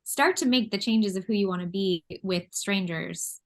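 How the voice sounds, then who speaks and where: A woman's voice: mid-range voice, moderate pace. Thoughtful American woman, chatty guest. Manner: thoughtful, laughs often. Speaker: artist and designer, podcast guest. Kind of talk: casual chat. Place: New York.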